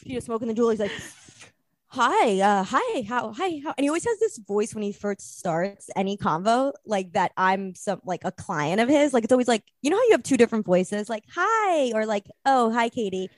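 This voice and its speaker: A woman's voice: medium pitch, expressive, brisk, hardly any pauses, darkish tone, no echo, clean studio sound. A young woman, a podcast guest, telling a rambling story in casual chat and acting out the quotes.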